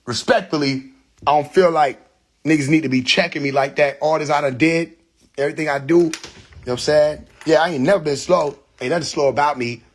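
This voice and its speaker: Husky man laughing through a live stream. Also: on the high side. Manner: laughing often, slangy and animated storytelling. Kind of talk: casual live stream monologue. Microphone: phone.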